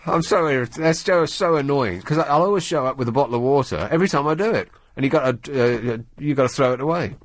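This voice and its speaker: A man's voice: fairly high pitch, quick pace, hardly any pauses, slight background noise. A man hosting a radio phone-in in a studio, talking casually in a sardonic, mocking way. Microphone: studio microphone.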